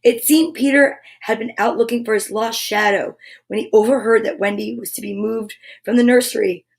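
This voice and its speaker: A woman's voice: on the high side, moderate pace, gravelly. Upbeat woman reading a storybook. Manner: enthusiastic, chatty asides between read passages. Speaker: children's story time host. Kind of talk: reading a picture book aloud to kids.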